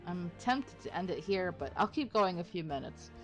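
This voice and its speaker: A woman's voice: on the low side, expressive, normal speed, faint music behind. A woman giving chatty, giggly commentary as she plays a story game, with a tired throat from doing voices. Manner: chatty, giggly, self-deprecating. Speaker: gaming streamer. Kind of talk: casual let's-play commentary.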